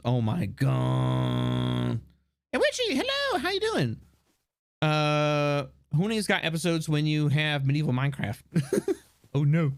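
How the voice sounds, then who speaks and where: A man's voice: on the high side, fairly bright tone. A man streaming a game live, chatting casually with viewers in a rambling, playful way, swearing and laughing often. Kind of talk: casual live-stream chat while gaming.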